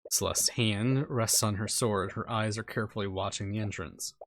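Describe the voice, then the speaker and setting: A man streaming a visual novel, reading its narration aloud and adding casual, halting asides with stammered restarts. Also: fairly low pitch, steady tone, fairly bright tone, a little hiss or hum.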